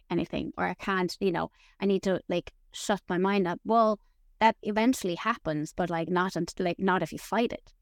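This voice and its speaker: Woman host just chatting, lots of likes and restarts, mid pitch, dry sound. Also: a little fast, clear, resonant tone, no room sound. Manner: chatty, with many fillers and self-corrections. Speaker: podcast host. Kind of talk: casual chat.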